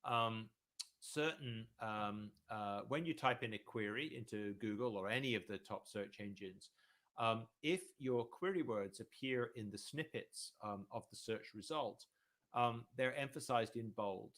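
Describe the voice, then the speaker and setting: A male professor giving an academic lecture in a relaxed, conversational way, with frequent ums and restarts. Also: on the low side, unhurried. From United Kingdom.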